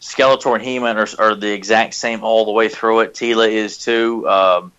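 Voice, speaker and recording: A man co-hosting a casual podcast chat, animated, restarting his sentences as he talks. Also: fairly low pitch, normal speed, smooth, lo-fi sound. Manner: animated, repeats words when starting sentences. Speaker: podcast co-host.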